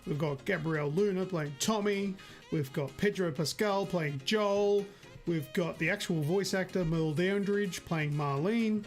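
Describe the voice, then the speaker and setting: A man's voice: high voice, a little slow, soft background music. A man co-hosting a gaming podcast in casual chat, rambling and correcting himself as he goes. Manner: chatty, rambling, self-correcting. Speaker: podcast co-host.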